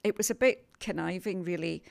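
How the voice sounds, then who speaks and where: An older woman from England chatting as an interview guest, telling her story in a lively, self-mocking way and laughing often. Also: lowish voice, brisk, creaky. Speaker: guest, TV sales presenter. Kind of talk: casual interview chat.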